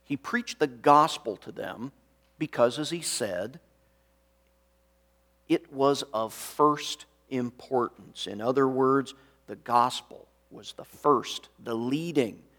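A man preaching a sermon in a slow, measured way, reading scripture aloud. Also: mid-range voice. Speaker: pastor.

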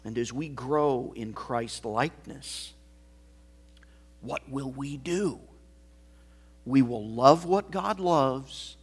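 Husky preacher, slow, loud to whispered. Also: male voice, medium pitch. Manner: dramatic swings from loud emphasis to hushed near-whispers. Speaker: pastor. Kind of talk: sermon.

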